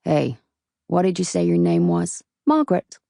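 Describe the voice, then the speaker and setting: A woman voicing a sulky, shady American man, a smuggler, who talks in curt, gruff lines with an American accent. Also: high voice, sing-song, normal speed, mellow, no echo, clean studio sound, heavily acted. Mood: guarded.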